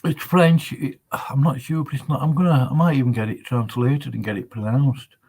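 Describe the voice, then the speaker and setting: A man's voice: medium pitch, steady tone, a little mellow, slightly rough. A man hosting a casual livestream on his own, thinking aloud and rambling, with dry, dismissive asides. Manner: slow, rambling, thinks aloud with many pauses. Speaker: livestream host. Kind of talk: casual solo livestream chat.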